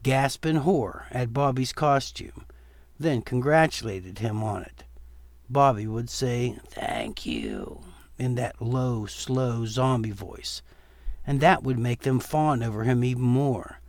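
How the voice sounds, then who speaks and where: A man reading a Halloween horror story aloud in a steady, measured storytelling voice. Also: mid-range voice, no echo. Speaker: narrator. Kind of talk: storytelling narration.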